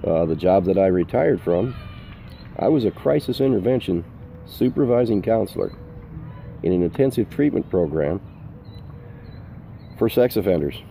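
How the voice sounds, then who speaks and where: A man's voice: deep voice, lively intonation, normal speed, gravelly, long pauses, dark tone, slight background noise. An older man, a full-time RV vlogger, giving earnest, emphatic safety advice outdoors, repeating his points. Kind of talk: casual outdoor vlog advice. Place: outdoors in the sun.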